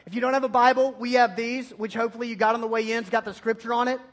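High-pitched animated youth pastor. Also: male voice, racing. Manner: animated, playful storytelling with loud bursts. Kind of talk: energetic youth sermon.

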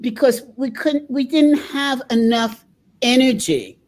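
An older woman from the United States talks slowly in a reflective, conversational way. Her voice sits a little high, and she pauses and repeats words as she works through a thought. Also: darkish tone. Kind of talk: conversational interview.

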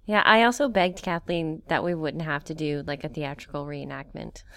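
A woman co-hosting a podcast, chatting and reacting in a relaxed way. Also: low-pitched, normal speed, dry recording, clean studio sound. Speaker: podcast co-host. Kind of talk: casual chat.

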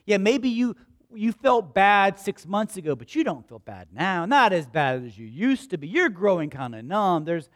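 Man, pastor, sermon, high voice, dry close sound, emphatic repetition, loud peaks and hushed stories. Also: big pitch swings, normal speed, no room sound. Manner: rhetorical repetition, swinging from loud emphatic peaks to quiet storytelling; asks the congregation questions and answers them himself.

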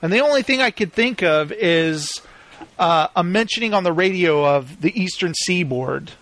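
A man hosting a casual movie chat, rambling with lots of "like" fillers and quick to laugh. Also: high voice, animated, fairly bright tone.

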